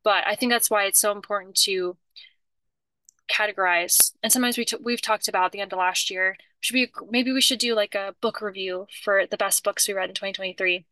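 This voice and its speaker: A woman's voice: medium pitch, fairly even intonation, fairly quick, pushed and bright, no echo. A woman co-hosting a podcast in casual chat, talkative and often restarting her sentences. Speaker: podcast co-host.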